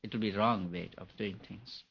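A husky-voiced man teaches meditation at a gentle, unhurried pace. He keeps circling back to repeat his points. The recording sounds dull and lo-fi. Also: lowish voice, fairly even intonation. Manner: gentle, repetitive, chuckles often. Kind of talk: spiritual talk to an audience.

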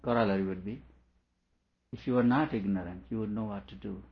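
A man with a fairly low voice gives a lecture on scripture, going over each idea patiently and restating it in different words. The recording is dull and lo-fi, with the top end muffled. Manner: deliberate, explains by repeating and rephrasing. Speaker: teacher.

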